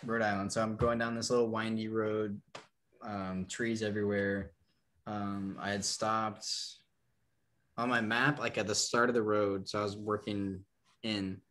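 A young man from Nebraska, a podcast guest telling a long story, full of "like" and "um", acting out the people in it. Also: on the low side. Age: young adult. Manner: rambling, full of "like" and "um"; acts out the people in his story with lively quotes. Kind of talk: casual storytelling.

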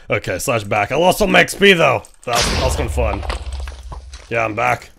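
A man streaming a game, giving casual, excitable commentary, laughing often and teasing other players. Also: medium pitch, moderate pace, gravelly, noisy background.

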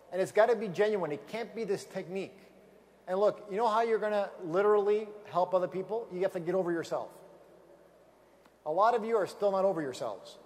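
A man giving an energetic motivational talk on stage with slides, emphatic and repeating key phrases for effect. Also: high voice, in a large hall, a little hiss or hum. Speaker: business opportunity speaker.

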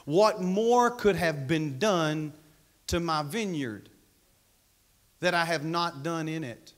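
Pastor guy preaching hard, highish voice, repeats himself, keeps calling out to the church. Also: slow. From United States. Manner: fervent preaching, repeats phrases and calls to the congregation. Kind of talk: sermon. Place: church sanctuary.

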